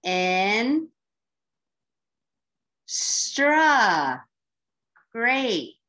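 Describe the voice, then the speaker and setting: A woman teacher with an American accent leads a classroom lesson for young learners. She speaks slowly, in a very lively and varied voice. Her manner is encouraging, and she stretches words out syllable by syllable. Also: mid-range voice. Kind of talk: slow, clear classroom instruction for young learners.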